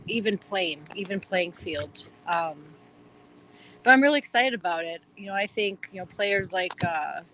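Woman, Wisconsin accent, eager rambling interview guest, bright timbre. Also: fairly low pitch, normal speed, a little hiss or hum, low-quality recording. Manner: enthusiastic, rambling with many fillers. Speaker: guest fan. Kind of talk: casual interview chat.

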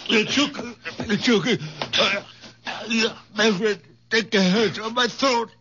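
An actor playing a very old, gentle man with healing powers who speaks hesitantly and softly, in a 1970s radio drama. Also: high voice, takes it slowly, slight background noise, heavily acted. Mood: frail, meek. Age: older. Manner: frail, hesitant, soft-spoken. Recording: dull lo-fi 1970s radio recording.

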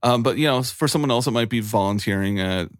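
A man's voice: medium pitch, fast talker, no room sound, studio quality. A man in his forties talking in a casual, rambling, earnest way, full of "like" fillers. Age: 40s. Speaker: guest. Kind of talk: casual chat.

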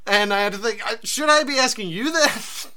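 A man co-hosting a podcast in casual comedic chat, cracking jokes and quick asides. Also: sits high, pushed and bright. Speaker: podcast co-host.

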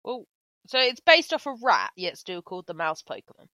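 A woman's voice: lowish voice, huge pitch swings, normal speed, sharp tone, dry recording, low-quality recording. A woman co-hosting a podcast in casual comedic chat, exaggerated and exasperated in her jokes. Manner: exaggerated, exasperated and jokey, with frequent laughter. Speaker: podcast co-host.

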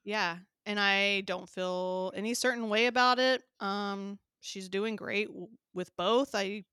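A woman's voice: mid-range voice, fairly even intonation, slow pace, pushed and bright, clear, resonant tone, no echo, clean studio sound. A woman in her thirties co-hosting a podcast, chatting casually, laughing often and filling her talk with "like.". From American South. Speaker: podcast co-host. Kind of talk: casual chat.

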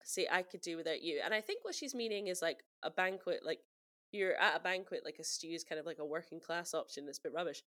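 A woman's voice: on the low side, quick pace, no echo, clean studio sound. Chatty woman laughing through a recap. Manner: animated, laughs often, quotes film lines in put-on voices. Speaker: podcast co-host. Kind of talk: casual chat.

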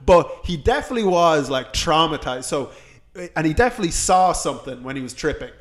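A man's voice: fairly high pitch, very animated, fairly quick. A man hosting a podcast, telling a story in casual chat. He swears freely and acts out the quotes. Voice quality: swears freely, tells anecdotes with acted-out quotes. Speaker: podcast host.

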